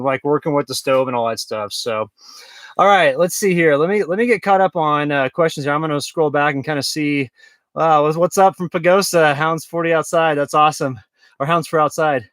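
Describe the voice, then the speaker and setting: A man chats on a livestream from his snowy off-grid campsite, wandering between outdoors and his tent. His voice sits a little high and sounds dry and close to the mic. He talks in a loose, rambling way, full of fillers and restarts. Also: normal speed, fairly bright tone, no room sound. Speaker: vlogger livestreaming off-grid camping. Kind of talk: casual livestream chat. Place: outdoors in snow and inside a large tent.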